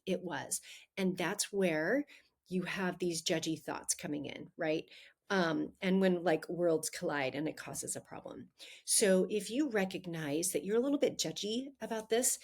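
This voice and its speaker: A middle-aged woman with a voice on the low side hosts a solo advice podcast as a relationship coach. She speaks conversationally, often dropping in "um" and tagging lines with "right?"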